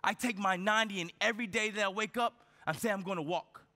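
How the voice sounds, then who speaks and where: A man's voice: high-pitched, fast, sharp tone. Man giving a keynote in a hall. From United States. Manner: storytelling with rhetorical questions and frequent "right?". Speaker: keynote speaker. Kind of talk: motivational keynote speech. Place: large event hall on stage. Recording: reverberant conference hall.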